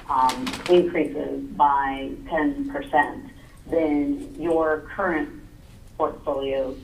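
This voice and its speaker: Gravelly woman presenting, far from mic. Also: a bass voice. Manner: measured, explanatory, many "um" and "uh" fillers. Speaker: investment consultant presenting to a retirement board. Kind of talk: explanatory presentation at a public board meeting. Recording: echoey meeting room, distant mic, faint noise.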